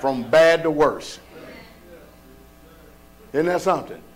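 Pastor, male, high voice, preaching a casual sermon full of rhetorical questions and bursts of shouting. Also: slow pace. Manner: colloquial, folksy delivery.

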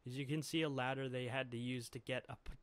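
A man's voice: mid-range voice, fairly even intonation, quick pace, fairly bright tone, no echo. A man casually recapping a comic chapter, chuckling often and restarting his sentences.

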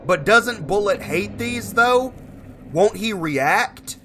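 A man's voice: sits high, animated, slow pace, fairly bright tone, faint music behind. Young man chatting through a horror game. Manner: chatty, emotional, talks to his in-game dog. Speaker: gaming streamer. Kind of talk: casual gameplay commentary.

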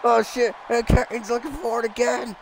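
A man streaming a wrestling video game live, shouting and swearing excitedly at the action while losing his voice. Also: very high-pitched, moderate pace, poor audio. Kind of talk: excited live gameplay commentary.

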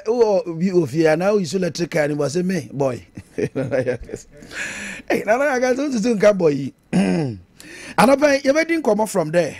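A Ghanaian man hosts a political talk show in a lively mix of Twi and English. His voice sits high and moves constantly up and down. The sound is dry and close to the mic. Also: dry recording. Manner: animated, mixing Twi and English, laughing at his own jokes. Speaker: radio and TV talk show host.

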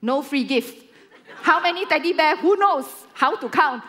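Malaysian lady pastor in her 40s, kinda high voice, tells stories all animated. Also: moderate pace, a little hiss or hum. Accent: Malaysian English. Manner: animated storytelling with acted-out quotes. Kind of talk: sermon.

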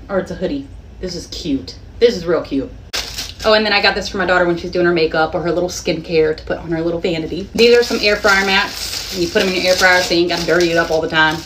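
A woman in her thirties, a mom chatting casually and excitably through a shopping haul, laughing easily. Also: fairly low pitch, recorded from a distance, a little hiss or hum.

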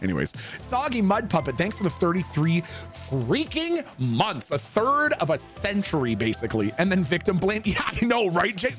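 A man's voice: high-pitched, huge pitch swings, normal speed, faint music behind. Profane, fired-up male streamer. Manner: profane, emphatic, swings from ranting to soft. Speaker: livestreamer reading chat. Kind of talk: casual chat with viewers.

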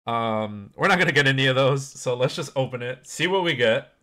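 A man's voice: mid-range voice, lively intonation, a little fast, bright, forceful tone. A young man giving casual, chatty commentary while opening packs in a video game, laughing often and poking fun at himself. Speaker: gaming YouTuber.

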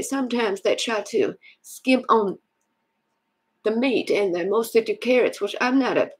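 A woman voicing a lonely, soft-hearted grandmother in a phone prank, rambling and stammering with a creaky, husky old voice. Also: fairly high pitch, rough recording. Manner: rambling, stammering, fond of detail. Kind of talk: scam-baiting phone prank.

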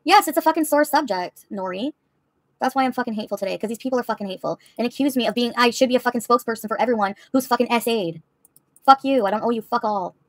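A woman's voice: on the high side, very fast, no echo. A woman livestreamer answering her chat in a heated, profane, confrontational rant.

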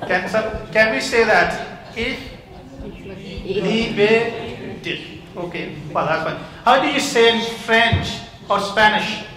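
High-voiced male minister in an echoey church. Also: expressive, unhurried, few pauses, crowd noise. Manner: interactive, questioning the congregation. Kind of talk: children's talk in church service. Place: large church hall.

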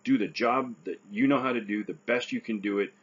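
A man's voice: medium pitch, fairly quick, breathy edge, dull audio. A man who survived a stroke gives earnest, casual advice, often checking in with "right?".

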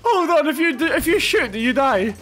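A man's voice: extremely high pitch, big pitch swings, a little fast. A young man playing a game with a friend, chatting in a laid-back, bemused way and calling him "bro". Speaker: guest gamer. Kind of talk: casual gameplay banter. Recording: background game music. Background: music.

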